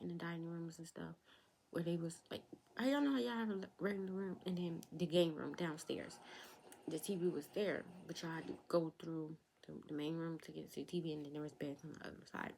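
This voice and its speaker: A woman's voice: on the low side, brisk, creaky, darkish tone, slight background noise, low-quality recording. A young woman telling a personal storytime to her viewers, chatty, talking straight to them and slipping into whispered asides. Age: young adult. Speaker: vlogger. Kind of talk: storytime vlog.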